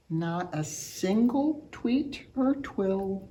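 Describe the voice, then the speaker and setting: A woman reading a picture book aloud to children, telling the story with animation and imitating bird calls in high, loud chirps. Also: sing-song, slow. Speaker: children's art program teacher reading aloud.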